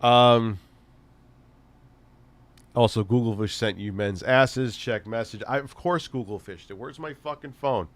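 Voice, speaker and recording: A man hosting a live stream, telling a story in casual chat with heavy swearing and an animated, laughing delivery. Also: mid-range voice, a little slow, pauses often.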